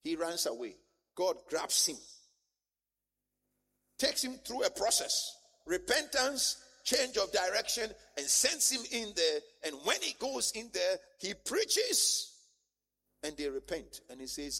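A man preaching a sermon as pastor, animated and conversational, with rhetorical questions, in a church. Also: high voice, slow pace, breathy edge. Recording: long church-hall reverb.

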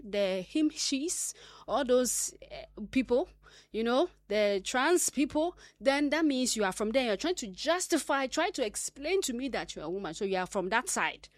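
A woman's voice: fairly high pitch, dry recording. A woman hosting a radio talk segment, delivering an earnest, emphatic monologue full of fillers and restarts. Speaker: radio host.

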